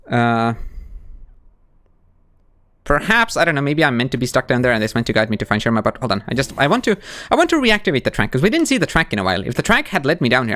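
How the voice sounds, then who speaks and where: A male streamer commenting on his gameplay live. His pitch jumps around animatedly as he reacts and talks straight to the characters, and the voice sits in a mid register. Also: a bit bright, dry recording.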